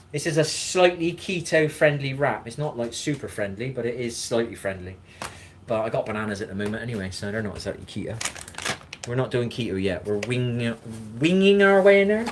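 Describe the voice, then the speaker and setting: Man live-streaming, rambling host, mid-pitched voice, faint noise behind. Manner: rambling, chatty, swears casually, greets viewers by name. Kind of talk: casual live-stream chat.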